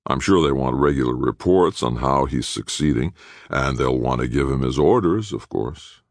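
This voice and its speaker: A sly, unruffled man drawls his words slowly and smoothly, as a male reader puts him on. The voice sits very low with a gravelly rasp, close and dry. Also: lively intonation, dry recording. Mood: calm, needling. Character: smooth, sly middle-aged man with a relaxed, unhurried manner.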